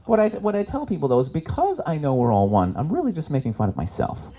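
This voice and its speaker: A man's voice: on the high side, fast talker, a little hiss or hum. A man from Canada doing a stand-up comedy set at a live event, telling stories and acting out the people in them. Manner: animated storytelling, acts out characters with voices. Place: expo stage in front of a live audience.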